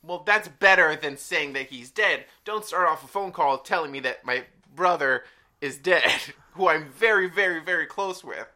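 Casting: male podcast co-host, slightly high, very bright tone, animated storyteller who laughs a lot. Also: moderate pace. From Hispanic background stated, no country. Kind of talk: casual chat.

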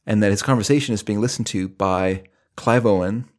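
A man's voice: fairly low pitch, a little fast. A middle-aged man co-hosting a film podcast, recapping the plot in a rambling, casual way with many restarts. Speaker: podcast co-host.

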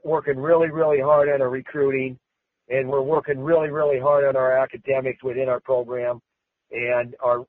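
With no room sound but a tinny, phone-like quality, this recording captures a medium-pitched male wrestling coach from the US in a press interview. He answers emphatically, repeating himself and restarting often.

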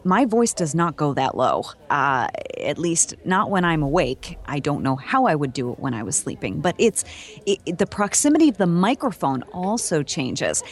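A woman's voice: lowish voice, darkish tone. A woman co-hosting a podcast, telling a story in a chatty, rambling way. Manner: chatty, rambling with restarts and laughs. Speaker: podcast co-host. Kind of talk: casual chat.

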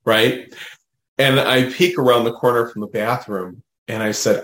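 A low-voiced male guest tells a story at normal speed in a casual, animated way, leaning on "you know" and "right?" a lot. His voice is medium and sounds roomy and echoey.

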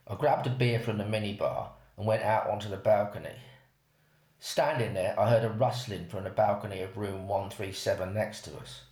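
A man reads a first-person story aloud at an unhurried pace. His voice is low and gravelly, and the recording has a roomy echo. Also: darkish tone. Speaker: narrator. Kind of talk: reading an erotic story aloud.

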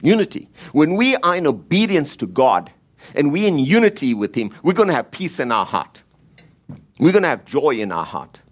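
A man's voice: fairly high pitch, big pitch swings, normal speed. A man teaching the Bible in a church, emphatic and repeating key words, often rising when he stresses a point.

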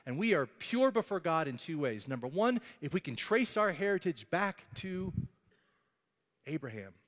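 A man delivers a sermon with lively storytelling and acts out the characters as he goes. His voice sits a little high, and it carries a long reverb from a large church hall. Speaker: pastor.

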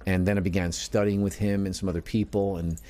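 A man's voice: deep voice, level tone, fast, dark tone. A middle-aged man, a motivational speaker and business coach, telling his story earnestly in a radio interview and acting out the dialogue he quotes. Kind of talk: conversational storytelling.

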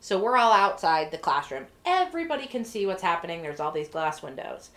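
A woman guest on a podcast, telling a work story in a casual, lively way, swearing freely and acting out what people said. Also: lowish voice, a little fast. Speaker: podcast guest, corrections treatment provider.

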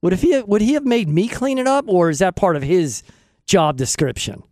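A man's voice: high voice, expressive, moderate pace, a little mellow, no room sound. A man hosting a radio show from a studio, rambling casually and joking at his own expense. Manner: joking, self-mocking, talks to himself. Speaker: radio host. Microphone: studio microphone.

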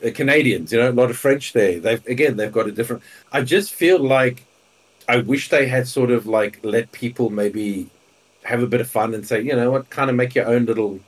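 A man's voice: mid-range voice, moderate pace. A man co-hosting a podcast in casual chat, rambling and repeating words as he thinks. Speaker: podcast co-host.

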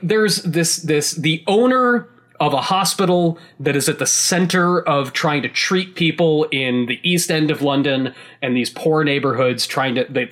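A man chatting casually about a video game, excitable and rambling, with many restarts and laughs mid-sentence. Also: a little high. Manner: casual swearing.

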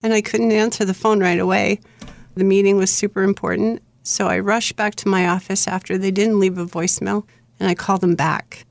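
An author appearing as a guest on an interview show, a middle-aged woman earnestly recounts her own life story in plain, steady narration. Her voice is medium in pitch with vocal fry, and she speaks a little fast.

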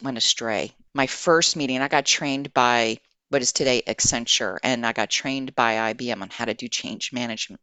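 A woman guest, an HR executive, telling a career story in an animated, conversational way. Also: very deep voice, dry recording. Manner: animated, acts out quoted dialogue.

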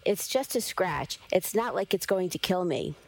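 A woman voicing a gentle young male clay golem who speaks slowly and softly, in few words, in a storybook reading. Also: fairly low pitch, lively intonation. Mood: reassuring. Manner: slow, soft, few words. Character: gentle gray clay golem son, young man, quiet.

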